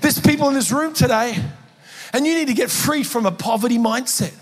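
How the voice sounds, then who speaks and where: A man preaching a sermon in a church, telling stories that build to shouted exhortation. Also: very high-pitched, brisk. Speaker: pastor. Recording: long hall reverb in a church.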